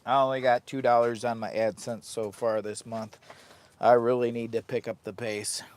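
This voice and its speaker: A man's voice: mid-range voice, level tone, moderate pace, a little mellow. A man hosting a casual live stream from a camping trip, rambling and joking with his viewers and his dog. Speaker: livestreaming camper and channel host. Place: tent at a campsite.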